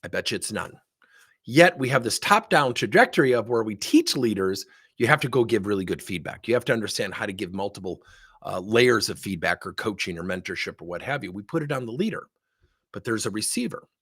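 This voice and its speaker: A middle-aged man gives a leadership talk in a slightly husky voice. His pitch swings widely as he tells his stories. He keeps throwing rhetorical questions at the listener. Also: brisk. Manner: animated storytelling, rhetorical questions. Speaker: leadership speaker. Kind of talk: motivational talk with anecdotes.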